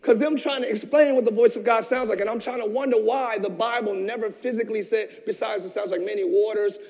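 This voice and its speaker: A man with a strikingly high voice preaches a fervent sermon, rising to shouts and dropping to near whispers. His words ring out with a long echo through a church hall. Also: fairly even intonation, a little fast. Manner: passionate preaching, swinging between shouted peaks and hushed asides. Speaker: pastor.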